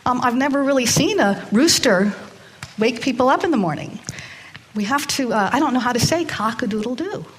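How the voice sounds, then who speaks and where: A woman's voice: on the high side, animated, a little hiss or hum, lightly acted. Woman voicing a shy, unsure young rooster. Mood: worried. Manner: hesitant, halting.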